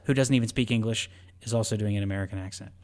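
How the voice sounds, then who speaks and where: A man's voice: fairly low pitch, racing. Chatty man riffing on a movie. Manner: animated storyteller, acts out quotes in silly voices. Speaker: podcast co-host. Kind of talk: casual chat.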